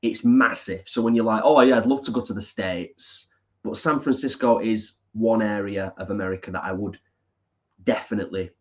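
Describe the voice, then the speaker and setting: A man's voice: lowish voice, moderate pace. A man co-hosting a live stream, chatting casually and reading out viewer comments. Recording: dull lo-fi stream audio.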